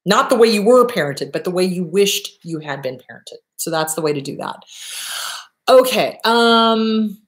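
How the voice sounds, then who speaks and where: A woman therapist hosting a show, answering viewer questions in a blunt, animated way, with casual swearing. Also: medium pitch.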